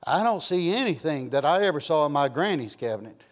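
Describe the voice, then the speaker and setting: Preacher guy, slightly high voice, folksy storytelling sermon. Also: big pitch swings, a little fast. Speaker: pastor.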